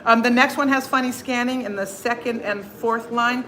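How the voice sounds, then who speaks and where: A woman teaching a group singing class, singing lines and then coaching in quick, chatty, self-deprecating asides. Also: on the high side, fairly even intonation, fairly bright tone.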